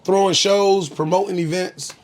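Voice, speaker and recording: A young man from Florida talks loosely about his comedy career, pausing often on "um" as he goes. His voice sits a bit higher than most men's. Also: steady tone. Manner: laid-back storytelling, frequent "um" fillers, bursts of laughter. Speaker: comedian guest. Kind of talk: casual interview chat.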